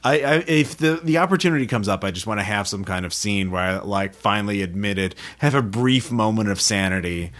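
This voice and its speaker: A low-pitched young man talks in a loose, rambling way as a podcast co-host. He keeps nodding along with his partner, filling the gaps with casual agreement. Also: lively intonation, a little fast, hardly any pauses, a bit bright. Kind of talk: casual chat about role-playing games.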